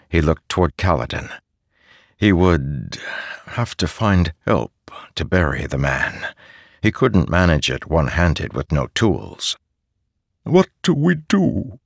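A man reading an audiobook as a narrator, in a measured, steady manner. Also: rumbling low, no room sound, clean studio sound. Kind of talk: scripted narration.

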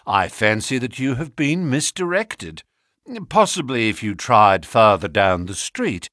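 A man's voice: mid-range voice, animated, measured pace, bright, forceful tone, dry recording, studio quality. A man doing an unctuous, cruel villain. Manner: unctuous, smooth and ingratiating. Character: unctuous, cruel middle-aged male villain.

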